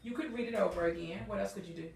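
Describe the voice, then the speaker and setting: A woman's voice: on the low side, very fast, creaky, a little mellow. Woman teacher, roomy classroom, far from mic. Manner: encouraging, checks in with "okay?" and "all right?". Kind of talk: classroom instruction.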